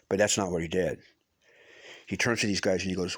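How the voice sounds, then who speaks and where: A man's voice: low voice, quick pace, dry recording. A middle-aged man telling a personal story in a casual, rambling way, restarting often and swearing for emphasis. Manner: rambling, with many restarts and fillers.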